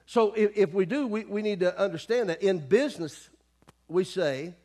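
A man's voice: sits high, moderate pace, warm tone. A middle-aged male pastor preaching a sermon in a folksy way, with many asides and calls to the congregation.

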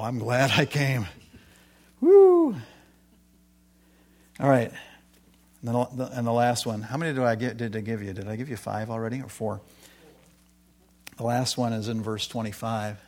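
A middle-aged man giving a sermon with a personal testimony, telling his story with animated swings from loud excitement to quiet asides. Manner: animated storytelling, rising loud when excited, dropping low for quoted asides. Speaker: preacher.

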